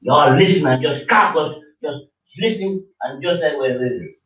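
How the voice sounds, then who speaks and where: A man in his seventies, a religious teacher giving a sermon, preaching forcefully and repeating his points in a confrontational way. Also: fairly high pitch, moderate pace. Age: 70s. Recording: roomy, distant, dull-sounding recording.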